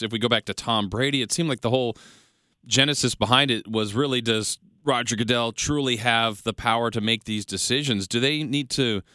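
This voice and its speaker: Bright-voiced man asking rambling questions. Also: mid-range voice, no room sound, studio quality. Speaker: radio co-host. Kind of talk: radio talk show. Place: radio studio.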